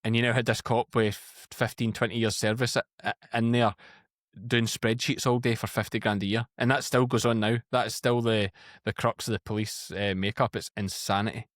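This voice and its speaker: A man's voice: lowish voice, normal speed, no room sound, clean studio sound. Scottish man telling blunt stories. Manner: storytelling, animated and blunt. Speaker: podcast guest, farmer and former police officer. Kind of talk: casual chat.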